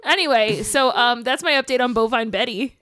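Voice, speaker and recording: Giggly high-voiced young woman. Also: brisk, bright, forceful tone, dry recording, studio quality. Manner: giggly, rambling, laughs often. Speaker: podcast co-host. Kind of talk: casual chat.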